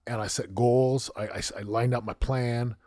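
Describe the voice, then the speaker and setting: A man in his forties, a former football champion, telling his story candidly in an interview, with animated storytelling and acted-out quotes. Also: medium pitch, normal speed, dry recording, studio quality.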